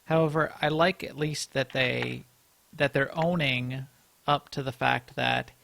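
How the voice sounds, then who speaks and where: A man's voice: medium pitch, fairly even intonation, measured pace, gravelly, fairly bright tone, no echo. A man co-hosting a podcast in casual chat. He rambles, restarts often and chuckles between thoughts. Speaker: podcast co-host.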